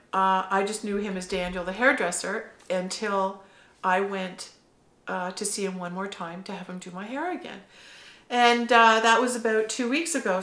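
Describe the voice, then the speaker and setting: A middle-aged woman telling a personal spiritual story in an earnest, halting way, with many fillers. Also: medium pitch, a bit bright. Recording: roomy echo.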